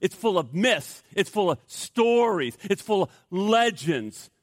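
A preacher playing a boastful scornful scholar. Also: male voice, high-pitched, very animated, slow, no echo, clean studio sound, voice pushed up, full character voice. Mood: scoffing. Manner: boasting, lecturing. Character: boastful male anthropologist, scornful and proud.

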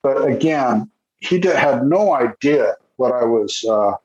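Animated man in a roomy room. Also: a little slow, muffled recording. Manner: animated, jumps into high voices when quoting people. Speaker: author recounting interviews with golfers. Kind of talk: casual storytelling chat.

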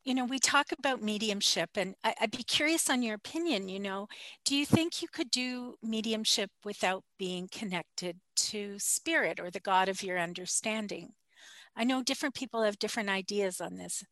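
A woman's voice: mid-range voice, animated, moderate pace, fairly bright tone, no room sound. A woman interviewing a guest, asking questions with enthusiastic, easy laughter.

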